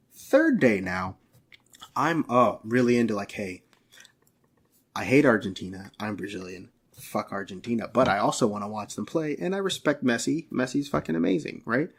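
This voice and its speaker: Husky man ranting profanely on a podcast. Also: mid-range voice. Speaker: podcast co-host. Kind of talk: casual podcast rant.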